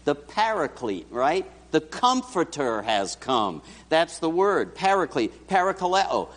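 A man's voice: on the high side, measured pace. A man preaching a sermon and often putting questions straight to his congregation. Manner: animated, talks directly to the congregation. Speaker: pastor. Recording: church hall reverb.

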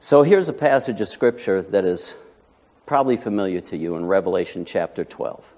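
A man's voice: medium pitch, lively intonation, moderate pace, darkish tone. A man preaching a sermon as pastor, telling a folksy story with asides before rising to emphatic preaching. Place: church sanctuary. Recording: long hall reverb.

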